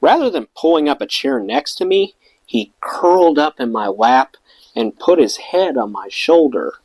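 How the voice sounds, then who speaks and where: A man's voice: a little high, big pitch swings, unhurried, gravelly, darkish tone, breathy edge, no echo, rough recording. A man reading a rock memoir aloud as an audiobook, giving the quoted lines their own voices. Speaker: audiobook reader.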